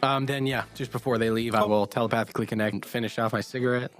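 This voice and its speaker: A man's voice: mid-range voice, fairly even intonation, fast, fairly bright tone, soft background music. A man playing in a casual tabletop game, talking in a hesitant, unsure way. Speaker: player.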